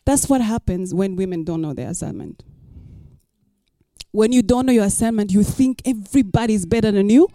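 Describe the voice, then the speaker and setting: A woman's voice: mid-range voice, normal speed, dark tone, dry recording, clean studio sound. A woman pastor preaching a sermon, emphatic and repeating her key lines for the listeners.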